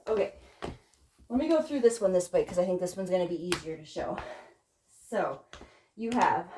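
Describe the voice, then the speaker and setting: A woman's voice: a little high, reverberant, background noise. A woman teaching a tap dance combination, counting beats aloud as she demonstrates, getting out of breath. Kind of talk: instructional tutorial, counting beats.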